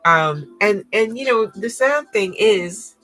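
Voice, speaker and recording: A woman's voice: mid-range voice, expressive, slow pace, a bit bright, faint music behind, low-quality recording. A woman giving a casual tarot reading in a blunt, profane, slangy way, often laughing. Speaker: tarot card reader.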